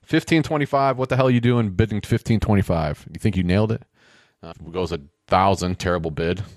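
A man with a somewhat low voice riffs through casual play-by-play of a game show. He rambles and throws in sarcastic wisecracks. The sound is close and dry, with no room echo. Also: brisk. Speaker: show commentator.

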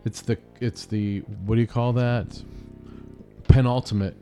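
A man co-hosting a podcast, chatting casually and recapping a TV show in a jokey, rapid-fire way. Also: mid-range voice, level tone, warm tone, faint music behind. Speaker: podcast co-host.

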